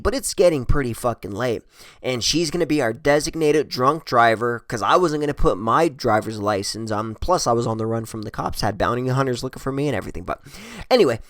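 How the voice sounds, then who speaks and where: A man's voice: mid-range voice, fairly bright tone, dry recording, studio quality. A man telling a wild personal story in casual, rambling style, swearing constantly and chuckling at himself.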